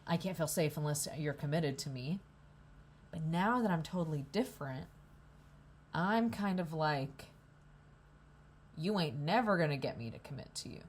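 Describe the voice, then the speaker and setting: A young woman talks through a frank, meandering confessional vlog, cursing casually. Her voice sits low but swoops up and down with feeling. A faint hum of coffee-shop ambience runs behind her, and she sounds a little hungover. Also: expressive, moderate pace, pauses often. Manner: rambling, profane, self-deprecating. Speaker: vlogger.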